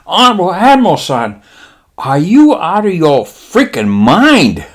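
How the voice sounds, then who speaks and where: A man doing a shrill timid young lieutenant. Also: huge pitch swings, unhurried, exaggerated voice. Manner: shrill, overly polite formal address.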